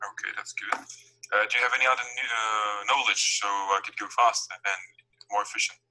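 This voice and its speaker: Young male tutor on a video call, forceful bright tone, patient and full of fillers. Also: on the low side, fairly even intonation, brisk, rough recording. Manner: explains patiently with many fillers and restarts. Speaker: language tutor. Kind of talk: casual online lesson.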